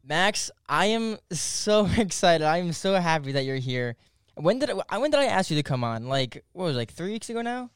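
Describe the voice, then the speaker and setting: A young man hosting a new podcast, chatting casually and excitedly, cursing and using lots of fillers. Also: fairly high pitch, moderate pace, smooth, dry recording, clean studio sound, soft background music. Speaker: podcast host.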